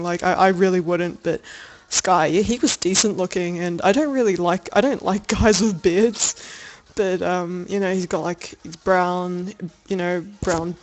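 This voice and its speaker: Rambling young woman telling a story. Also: lowish voice. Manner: rambling, full of fillers and laughs, swears casually. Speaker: video diarist. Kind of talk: casual storytelling video diary.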